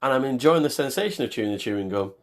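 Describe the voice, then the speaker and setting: A man's voice: medium pitch, lively intonation, racing. A man co-hosting a podcast, chatting casually in a rambling, self-deprecating way with frequent restarts. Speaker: podcast co-host. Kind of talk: casual chat.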